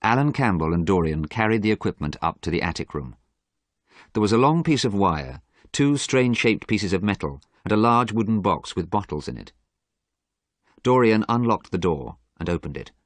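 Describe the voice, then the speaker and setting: A man's voice: lowish voice, animated, moderate pace, dry recording. A man narrating a graded story for English learners, reading expressively.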